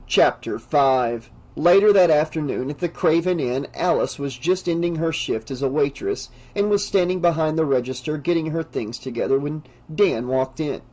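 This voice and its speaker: A man narrating an audiobook in a measured, steady reading voice. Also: fairly high pitch, rough recording.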